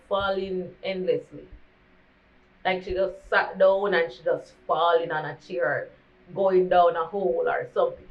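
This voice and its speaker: A young woman with a Jamaican accent telling a candid storytime vlog, slipping into patois as she talks. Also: mid-range voice. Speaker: vlogger. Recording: dull lo-fi recording.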